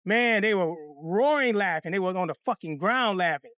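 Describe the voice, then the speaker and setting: Profane, animated male storyteller. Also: high voice, moderate pace, clean tone, no room sound. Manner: animated, profane, acts out other voices. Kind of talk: comedic storytelling.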